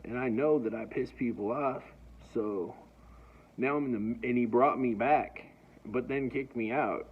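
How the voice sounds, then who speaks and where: A man with a husky, slightly breathy voice tells a personal story in a loose, rambling way, stumbling over his words and circling back. The recording sounds dull and lo-fi. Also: medium pitch, a little slow. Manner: rambling, stammering restarts.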